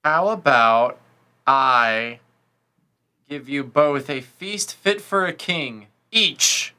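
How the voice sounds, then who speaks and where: A man's voice: mid-range voice, extremely slow, pushed and bright, clear, resonant tone. A man playing a character in a tabletop game, haggling in a hesitant, wheedling way. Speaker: player. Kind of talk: in-character roleplay.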